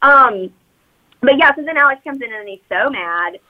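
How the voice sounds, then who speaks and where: A woman's voice: fairly high pitch, lively intonation, normal speed, lo-fi sound. A woman co-hosting a podcast, recapping a movie as a chatty, rambling storyteller. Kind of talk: casual chat recapping a movie.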